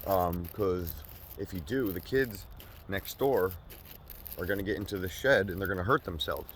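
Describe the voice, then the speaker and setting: A man quoting a confused, rambling old man who stammers and trails off, in his own low voice. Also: moderate pace, slight background noise, natural voice.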